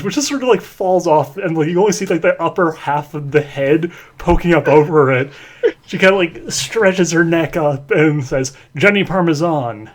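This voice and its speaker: A man playing a tabletop game, rambling in a casual way with many fillers. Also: fairly high pitch. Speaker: player.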